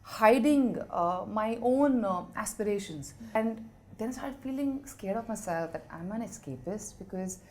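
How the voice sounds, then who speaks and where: A woman's voice: mid-range voice, measured pace. Candid Indian woman telling her story. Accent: Indian English. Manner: animated storytelling, mixing Hindi phrases and laughter. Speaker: interview guest. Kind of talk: candid conversational interview.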